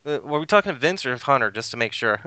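A man co-hosting a casual podcast, easygoing with soft laughs. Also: mid-range voice, animated, fast, smooth, no echo. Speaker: podcast co-host. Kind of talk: casual chat.

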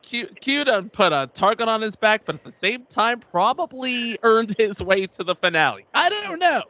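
A man's voice: sits high, moderate pace, lo-fi sound. A man co-hosting a podcast, chiming in with comments during a casual TV recap. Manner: expressive, chiming in. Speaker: podcast co-host.

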